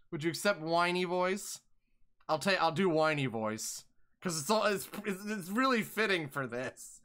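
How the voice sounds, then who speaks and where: A woman's voice: deep voice, a bit bright, clean tone. A woman streaming a game, chatting casually with viewers in a laughing, self-interrupting way. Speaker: streamer reading game dialogue. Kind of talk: casual live-stream chat. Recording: game music underneath.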